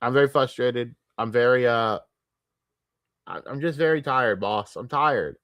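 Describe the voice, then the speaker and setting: A man from the United States ranting on a casual livestream, tired and frustrated, swearing freely and restarting his sentences. His voice sits in an ordinary middle pitch, close and dry on a desk mic with no room sound. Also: measured pace, a bit bright, no room sound. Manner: frustrated, profane, rambling with repeated restarts. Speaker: streamer.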